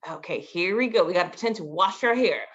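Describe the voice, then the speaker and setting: A woman's voice: fairly low pitch, expressive, quick pace, a bit bright. A woman librarian reading picture books aloud to children over a video call, exclaiming and gasping as she goes. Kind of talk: children's storytime read-aloud. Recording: dull lo-fi video call audio.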